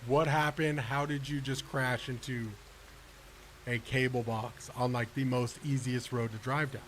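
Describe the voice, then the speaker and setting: A man voicing a laid-back male police officer who questions a driver in a calm, slangy drawl. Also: mid-range voice, a little slow, a little hiss or hum, voice pushed down, close to an everyday voice. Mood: questioning.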